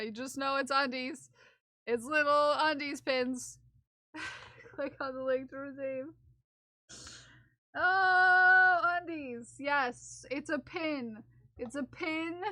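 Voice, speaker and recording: A woman livestreamer chatting casually with her viewers in a playful, giggly way, often repeating phrases in silly drawn-out voices. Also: high voice, pushed and bright, dry recording, studio quality. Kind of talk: casual live-stream chat with viewers.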